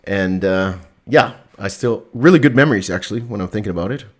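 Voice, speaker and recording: A man's voice: fairly low pitch, brisk. A man co-hosting a live stream, upbeat, reading out viewer comments and laughing easily. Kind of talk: casual live-stream chat.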